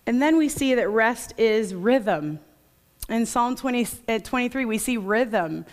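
A woman preaching a sermon to a congregation in a conversational way, reading scripture quietly and reflectively. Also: on the high side, lively intonation, a little slow.

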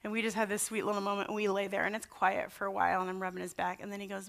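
Woman pastor in her 30s, bright voice, chatty sermon, storytelling with lots of "like" and "um". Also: medium pitch, little pitch movement, racing, gravelly. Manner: warm anecdotal storytelling with casual fillers. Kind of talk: conversational sermon.

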